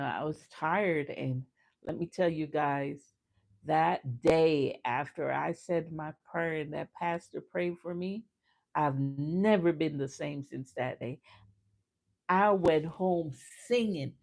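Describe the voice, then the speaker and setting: A woman hosting a chat stream, telling personal stories in an earnest, animated way and laughing often. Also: low voice. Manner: earnest, faith-filled. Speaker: host. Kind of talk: casual chat.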